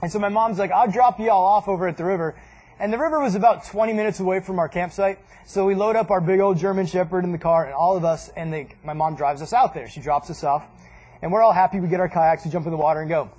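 A man's voice: high-pitched, fast talker. A man casually telling a funny camping story to a group, acting out voices as he goes. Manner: animated, acts out voices and laughs.

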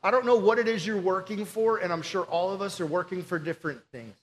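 A man's voice: high-pitched, fast talker. A male pastor, preaching a sermon in an earnest, pleading, conversational way.

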